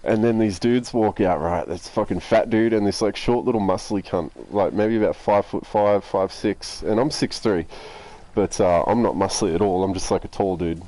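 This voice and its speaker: A man's voice: lowish voice, moderate pace, warm tone, no echo. A young Australian man telling a rambling story in a casual, laid-back way, swearing constantly.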